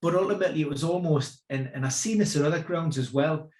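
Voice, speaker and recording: Bloke chatting football on a pod, rambly and relaxed, echoey room sound. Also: male voice, on the high side, fast talker. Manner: relaxed, rambling, lots of fillers. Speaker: podcast co-host. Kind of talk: casual football podcast chat.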